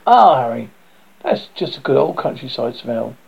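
A man reading the lines of a wry, plucky young woman journalist in his own gravelly voice, on a dull lo-fi recording. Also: mid-range voice, sing-song, moderate pace, a little mellow, heavily acted. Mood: teasing.

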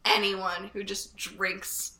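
A woman co-hosting a podcast in a casual chat, animated and quick to laugh. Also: medium pitch, background noise. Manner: animated, laughing, acts out quotes. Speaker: podcast co-host. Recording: echoey room.

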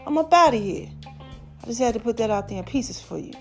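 A raspy, slightly hoarse woman talks to her podcast listeners in a casual, preachy monologue. Her voice sits high and swings all over the place. A little music plays faintly underneath. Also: fast. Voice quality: raspy, deeper than usual. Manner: preachy, animated, calls listeners "baby" and "y'all". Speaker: podcast host.

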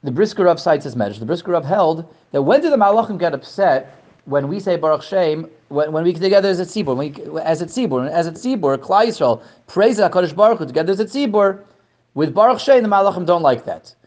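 Man, Torah class teacher, fairly high voice, repeats himself, jumps up in pitch for emphasis. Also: lively intonation, darkish tone. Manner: halting, repeats words, rises in pitch to stress points.

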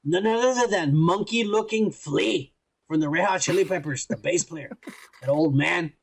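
Crude rambling man with a gravelly, high voice. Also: moderate pace. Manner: rambling, crude, teasing, lots of filler yeahs. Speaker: podcast co-host. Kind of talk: casual profane nerd chat.

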